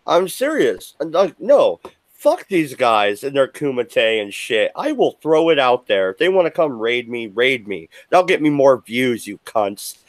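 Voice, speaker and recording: Buzzed, profane streamer ranting with swings. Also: male voice, mid-range voice, big pitch swings, a little slow, no echo. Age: adult with children. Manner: angry, profane, swings between shouting and muttering. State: a little buzzed. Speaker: livestream host. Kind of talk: profane live-stream rant. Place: at home at his desk.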